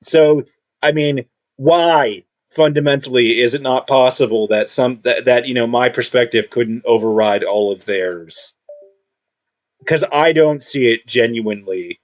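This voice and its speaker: A man with a mid-range voice talks through an unscripted monologue. He keeps stumbling and restarting his sentences, yet his tone stays combative and sure of himself. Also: mid-range voice. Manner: rambling, halting, many restarts and fillers; combative, self-assured. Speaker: video commentator.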